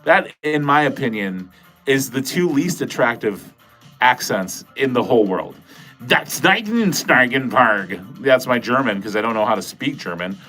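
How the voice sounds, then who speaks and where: A man's voice: medium pitch, lively intonation, normal speed, a bit bright. A man with a nasal Midwestern American accent chats loosely through a livestream. He rambles from thought to thought, swears freely and cracks jokes at his viewers. Faint music sits under his voice. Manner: rambling, profane, joking to chat. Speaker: livestream host. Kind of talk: casual livestream chat.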